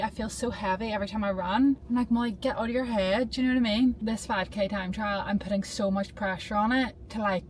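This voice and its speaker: A woman's voice: medium pitch, a little hiss or hum. A young woman chatting casually to her camera in a vlog, talkative and nervous, filming herself outdoors and in her car. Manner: chatty, self-doubting, nervous. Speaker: vlogger.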